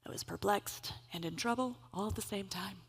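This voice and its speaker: A woman giving a conference keynote, telling stories in an animated, humorous way. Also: medium pitch, fairly quick, vocal fry, slightly rough. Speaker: keynote speaker. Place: event stage.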